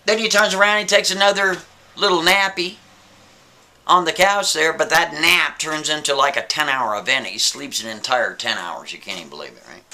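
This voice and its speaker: A man with a somewhat high, bright and forceful voice tells a story as if chatting with a friend. He keeps it loose and lively, tossing in little asides to the listener as he goes. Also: moderate pace. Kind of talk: casual spoken storytelling.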